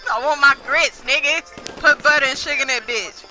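A woman's voice: high-pitched, normal speed, pauses often. A young woman doing casual live-stream commentary, trash-talking and laughing as she plays. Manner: loud, playful trash talk with bursts of laughter. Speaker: gaming streamer. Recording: gameplay music underneath. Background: game gunfire and music.

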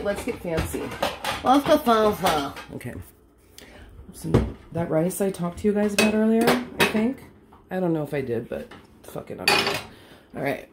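A woman's voice: deep voice, vocal fry, background noise. A woman from California filming a casual home cooking vlog in her kitchen, rambling, self-mocking and swearing constantly, a little wheezy. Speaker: home cook vlogger.

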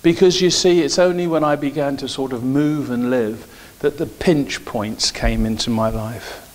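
A middle-aged male pastor preaching in church at an ordinary pitch for a man. He moves from easy anecdotes into firmer, emphatic points, pressing his key lines home. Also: normal speed, darkish tone. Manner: storytelling, grows emphatic and preachy. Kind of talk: sermon with personal stories.

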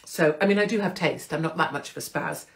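Speaking fast with vocal fry in a low-pitched voice, a middle-aged woman with a British accent hosts her own show. Her casual monologue is loud, self-deprecating, and full of profanity.

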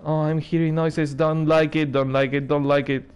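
This man's voice is fairly high, smooth and a little mellow, delivered flatly at a moderate pace. He's a gaming streamer giving anxious, sarcastic commentary over a horror game let's-play, laughing and swearing when startled.

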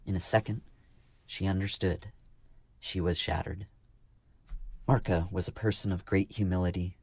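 Deep-voiced male audiobook narrator. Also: darkish tone, no room sound. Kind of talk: scripted narration.

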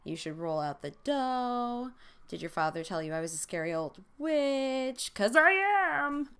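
A creepy, stubborn old woman, as a woman puts her on in a deliberately bad Eastern European accent, drawing out her words for comic menace. The put-on voice sits well above the performer's own and comes out loud and pushy. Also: on the high side, very animated, clean tone, voice pushed up, heavily acted. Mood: creepy teasing.

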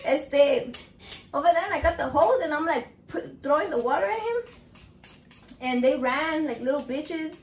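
High-voiced, foul-mouthed woman. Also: measured pace, a little hiss or hum. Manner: crude, profane, animated storytelling. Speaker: home cook filming a recipe video. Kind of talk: casual cooking vlog chat. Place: home kitchen.

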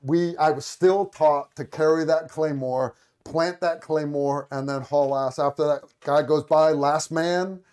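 American male host, slightly high voice, animated, casual. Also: measured pace, few pauses. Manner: animated storytelling, frequent restarts. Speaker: podcast host. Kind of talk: casual chat.

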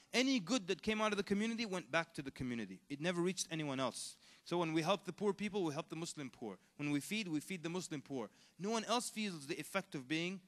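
A man's voice: on the high side, fairly bright tone, big-room sound. A man giving an Islamic lecture at a convention, telling stories in an emphatic way and acting out the people he quotes. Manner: storytelling with quoted voices, emphatic. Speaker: Islamic speaker. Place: convention hall.

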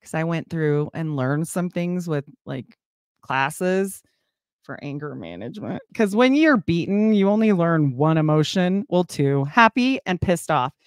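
A woman's voice: deep voice, animated, a little slow, clear, resonant tone, no echo, studio quality. A woman in her forties chatting casually as a podcast guest, telling self-mocking stories and laughing often. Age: 40s. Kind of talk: casual chat. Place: home, Utah.

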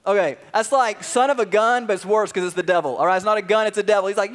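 A male pastor with a high-set voice preaching in a relaxed, chatty style. He retells scripture like a campfire story, full of slang and asides. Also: quick pace, hardly any pauses. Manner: casual, animated storytelling with slang. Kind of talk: sermon.

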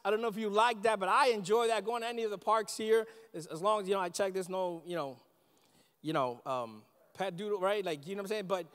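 A man preaching a sermon, his voice sitting unusually high for a man. He speaks emphatically and straight to the congregation, slowing down to read scripture. The sound carries the long reverb of a large church hall. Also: fairly bright tone. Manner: emphatic, addresses congregation directly, slows for scripture reading. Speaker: pastor. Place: church sanctuary.

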